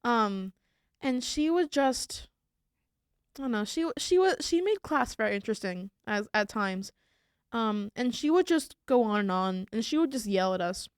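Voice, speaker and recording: Young woman from florida rambling on a podcast, smooth voice, pretty high, dry sound. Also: animated, moderate pace, no echo. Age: young adult. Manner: chatty, rambling storyteller. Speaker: podcast co-host. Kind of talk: casual chat.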